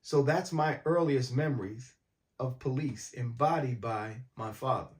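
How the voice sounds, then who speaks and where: A man from mid-state New York, calmly recounting a personal story in a documentary interview. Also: medium pitch, a little slow.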